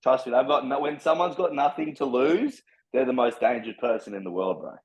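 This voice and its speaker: A man's voice: mid-range voice, fairly quick, poor audio. An Australian man telling his story as a podcast guest, blunt and full of slang and swearing. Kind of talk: casual storytelling.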